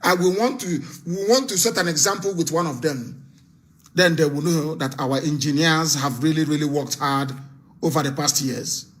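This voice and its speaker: A man hosting a live call-in broadcast, speaking in an impassioned, rousing way that often swells into shouting. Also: on the high side, moderate pace. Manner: impassioned, rousing, scornful, raises his voice to shouts. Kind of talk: fiery live address and call-in.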